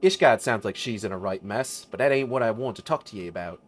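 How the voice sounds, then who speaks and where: A man putting on a gruff mercenary. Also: on the low side, fast talker, close to an everyday voice. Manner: rough, blunt, folksy slang. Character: gruff veteran male mercenary officer.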